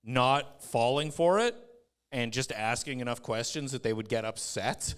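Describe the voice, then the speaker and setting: A man's voice: medium pitch, measured pace, clean tone. A man, a comedian on a panel show, chatting and joking casually.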